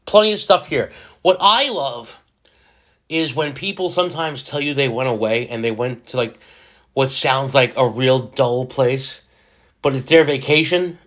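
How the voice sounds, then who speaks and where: A man's voice: medium pitch, unhurried, a bit bright. A middle-aged man hosting his own podcast, rambling casually with jokey, self-deprecating asides while under the weather with a cold. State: sick with a cold. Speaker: podcast host. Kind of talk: casual solo podcast monologue.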